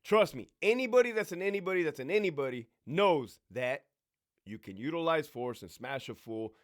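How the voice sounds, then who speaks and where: Animated, profane ex-prison guard man. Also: a little high, normal speed. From California. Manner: profane, blunt, swaggering. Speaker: former prison officer. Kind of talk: casual storytelling monologue.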